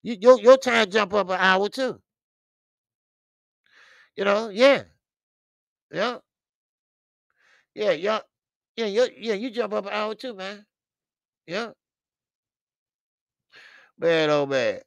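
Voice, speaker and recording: A man's voice: high voice, takes it slowly, creaky, pauses often, no echo. A man hosting a boxing livestream in loose, talkative chat, laughing often and repeating himself. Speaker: boxing channel host.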